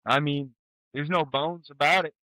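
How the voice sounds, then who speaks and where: A man's voice: a little high, normal speed, no room sound, poor audio. A retired Army sergeant, a man in his forties, telling his service stories bluntly and with plenty of swearing in a candid interview. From United States. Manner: blunt, profane, storytelling with animated quoted outbursts. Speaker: guest, retired Army sergeant first class.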